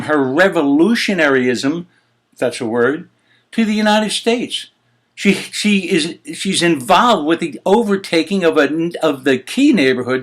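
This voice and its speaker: A man's voice: on the high side, fairly bright tone. A man hosting his own opinion show, ranting in an indignant, exasperated way with swearing and rhetorical questions. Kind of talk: heated opinion commentary.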